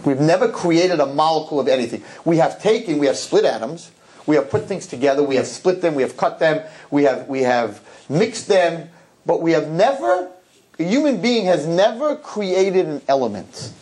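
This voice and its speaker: A man giving a humorous, animated talk to a live audience, full of rapid asides and repeated words. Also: on the high side. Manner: animated, joking, rapid-fire asides and repetitions. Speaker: rabbi giving a public talk.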